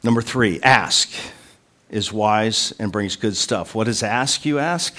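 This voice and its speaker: A man's voice: fairly low pitch, takes it slowly, sharp tone. A male pastor preaching a sermon in a conversational way, breaking off into joking asides to his listeners.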